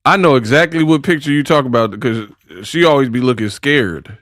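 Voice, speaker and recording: A man's voice: mid-range voice, normal speed, fairly bright tone, no room sound, studio quality. A man doing casual live-stream commentary, joking and laughing in slangy banter with his chat.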